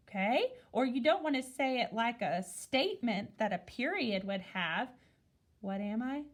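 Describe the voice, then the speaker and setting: A woman's voice: on the high side, a bit bright. A woman teaching a guided reading lesson to young children, asking questions and checking in with "okay?" after each point. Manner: slow, sing-song teacher talk with many "okay?" checks. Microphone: recording a video lesson.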